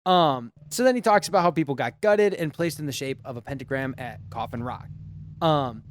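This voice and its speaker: A man's voice: medium pitch, animated, moderate pace. A man co-hosting a podcast, sarcastically retelling a horror film's plot with quoted voices. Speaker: podcast co-host. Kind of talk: casual movie recap chat.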